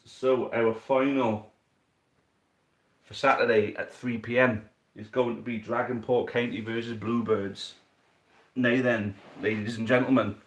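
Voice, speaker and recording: A young man hosting and commentating a dice football tournament, chatty and excitable, swearing casually. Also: fairly low pitch. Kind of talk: live commentary and casual chat.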